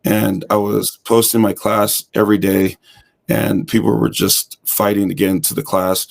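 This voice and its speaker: Low gravelly guy telling his story on an interview show, acts out the quotes as he goes. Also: normal speed. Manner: animated storyteller who acts out quoted dialogue. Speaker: guest, hip hop fitness instructor.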